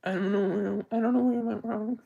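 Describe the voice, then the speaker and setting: Young male streamer, very gravelly and husky, earnest and rambling in an unscripted live-stream talk. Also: sits high, fairly even intonation, fairly quick, dark tone, lo-fi sound. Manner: earnest, rambling, self-correcting.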